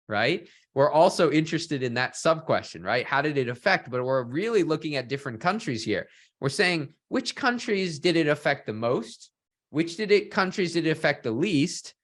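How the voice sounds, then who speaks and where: A man's voice: on the high side, expressive, moderate pace, fairly bright tone. Man teaching an online data workshop. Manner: asks the audience, often adds "right?". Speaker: workshop instructor.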